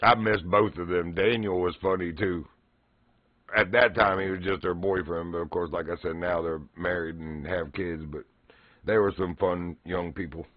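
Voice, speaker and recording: Casting note: deep-voiced male streamer, laughing storyteller, dry dull mic. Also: fairly even intonation, moderate pace, dry recording. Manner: laughs often while telling stories, drawls. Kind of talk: casual storytelling.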